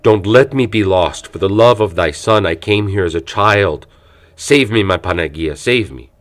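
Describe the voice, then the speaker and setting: A man's voice: sits low, normal speed, lightly acted. A man voicing an old monk who pleads and laments for salvation. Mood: pleading. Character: old male monk, anguished, begging for salvation.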